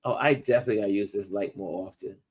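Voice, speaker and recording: A middle-aged man hosting a casual livestream, musing warmly to viewers as he shows photos. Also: on the low side, slightly rough. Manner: slow, musing, talks to viewers while showing photos. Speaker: livestream host.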